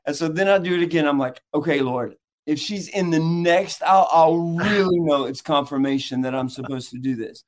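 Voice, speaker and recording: Minister guy on a podcast, earnest preachy tone, a bit high voiced. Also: a little fast, hardly any pauses. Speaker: guest minister and author. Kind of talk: interview answers with teaching.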